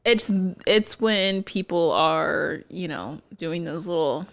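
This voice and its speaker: A woman's voice: low voice, slow, gravelly, a bit bright. A woman co-hosting a podcast in casual chat, dropping wry, joking asides. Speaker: podcast co-host.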